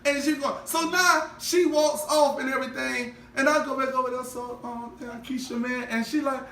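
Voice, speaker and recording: High-voiced animated young man storytelling. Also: moderate pace. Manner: animated, slangy, laughs often. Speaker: podcast co-host. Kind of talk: casual storytelling chat. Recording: roomy, distant mic, faint hiss.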